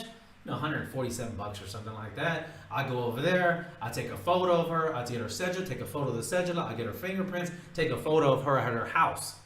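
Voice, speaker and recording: A man's voice: mid-range voice, fast, a bit bright, echoey room, far from the mic, a little hiss or hum, low-quality recording. A man giving blunt, emphatic, profane dating advice in a casual monologue, repeating his points. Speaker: dating-tips vlogger.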